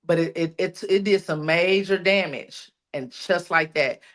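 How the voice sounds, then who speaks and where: A woman's voice: lowish voice, a little slow. Woman giving a spirited personal testimony. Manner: repetitive, preacherly encouragement. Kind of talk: emotional testimony.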